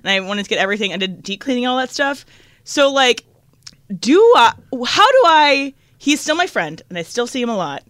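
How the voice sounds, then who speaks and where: A woman's voice: a little high, very animated, a little fast, a bit bright, no echo. A woman in her twenties co-hosting a radio talk show, chatting and telling stories with a giggle. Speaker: show co-host. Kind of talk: casual chat.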